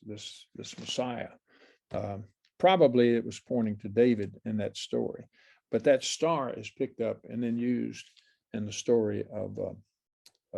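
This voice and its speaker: Older male Bible class teacher, gravelly, meandering and chuckly. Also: medium pitch, dark tone. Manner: rambling, many fillers and restarts, chuckles often. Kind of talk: informal Bible class lecture.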